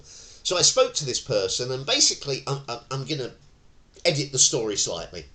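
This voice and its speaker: Animated, middle-aged man teaching. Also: medium pitch, moderate pace. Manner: animated storyteller who acts out voices. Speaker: tai chi instructor. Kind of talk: teaching talk with anecdotes.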